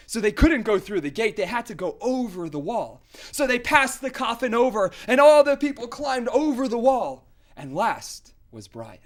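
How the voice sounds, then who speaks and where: Male storyteller, high-pitched and animated; loud bursts and hushes, vocal sound effects, dry close sound. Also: no echo. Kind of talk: folk tale storytelling.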